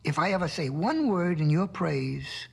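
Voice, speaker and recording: A man voicing a wise, firm cave woman who speaks in calm, measured phrases, from a restored vinyl storybook record. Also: a little high, vocal fry, slightly rough, heavily acted.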